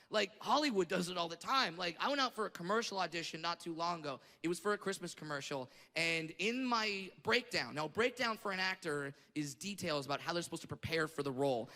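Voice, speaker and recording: High-voiced man ranting on a comedy stage. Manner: loud, animated, ranting delivery with shouted punchlines. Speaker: stand-up comedian. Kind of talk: stand-up comedy set. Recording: echoey theater with audience noise.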